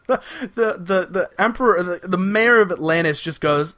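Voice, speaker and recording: Lively, bright-voiced man on a podcast. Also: high-pitched, unhurried. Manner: animated, laughing, acting out quotes. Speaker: podcast co-host. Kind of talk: casual podcast chat.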